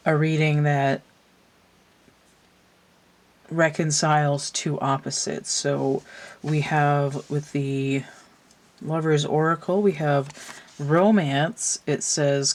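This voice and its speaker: A woman's voice: sits low, a little mellow. A woman giving a casual tarot reading, thinking aloud and wandering into asides. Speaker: tarot reader.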